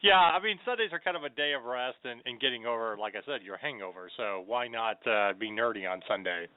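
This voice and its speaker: A man's voice: mid-range voice, fairly quick. A man hosting a casual nerd talk show, upbeat and chatty, with rambling fillers. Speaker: podcast host. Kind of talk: casual radio show chat. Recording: tinny phone-like sound.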